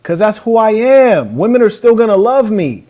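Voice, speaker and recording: A man's voice: high-pitched, very animated, normal speed, dark tone. A man hosting a reaction video from a hotel suite, brash, boastful and mocking as he talks over a clip. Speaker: podcast host reacting to a clip. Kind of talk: casual reaction commentary. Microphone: camera mic.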